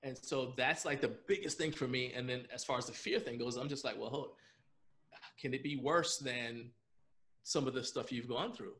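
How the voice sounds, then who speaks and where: A man on a podcast recounting a story in a casual, rambling way, often breaking into laughter. His voice sits at an ordinary middle pitch, and he goes back over his words and stacks up fillers as he talks. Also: moderate pace. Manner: animated storyteller who laughs often while telling; loose, rambling with frequent restarts and fillers. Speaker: podcast guest.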